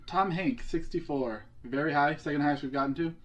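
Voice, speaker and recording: A man's voice: a little high, fairly quick. A man co-hosting a casual podcast who runs a movie quiz and reads out the scores. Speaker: podcast co-host, quizmaster. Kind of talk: casual chat, reading out scores.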